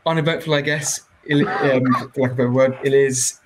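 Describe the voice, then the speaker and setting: A man who is a podcast guest, talking about a film in a relaxed, rambling way. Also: medium pitch, a little fast, noisy background. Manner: relaxed, rambling, laughs easily. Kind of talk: casual film review chat.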